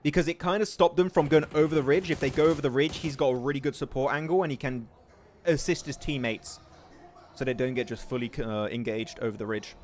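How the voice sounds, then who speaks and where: This young English esports caster has a medium-pitched, brisk voice, with a little hiss or hum in the recording. He excitably commentates a mobile esports match on a livestream, reacting to plays and reading chat aloud.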